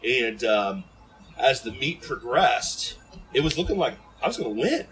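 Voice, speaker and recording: A man from Ohio telling stories as a podcast guest in an animated, rambling way full of fillers and restarts. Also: mid-range voice, a little slow, crowd noise, rough recording. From Ohio, USA. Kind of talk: casual storytelling in an interview.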